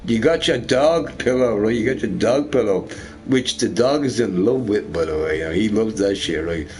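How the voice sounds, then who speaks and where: A man's voice: on the low side, lively intonation, normal speed, a little mellow. A man streaming a game, chatting casually with viewers in a rambling, profane, joking way.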